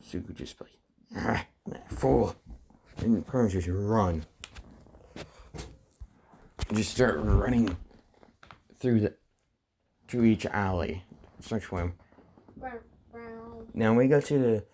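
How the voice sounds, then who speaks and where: A man narrating an improvised fan story, halting and full of fillers, with a husky voice. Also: lowish voice, warm tone, slight background noise. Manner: halting, filler-heavy, many restarts.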